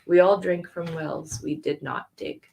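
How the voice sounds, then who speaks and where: A woman's voice: lowish voice, unhurried, creaky, a little mellow, a little hiss or hum. A woman reading her own story aloud at a live event, earnest and conversational, with laughing asides.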